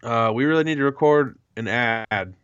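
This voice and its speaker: A man's voice: medium pitch, lively intonation, measured pace, a bit bright, smooth, muffled recording. A man hosting a casual podcast, laughing often as he reads listener mail aloud. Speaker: podcast host.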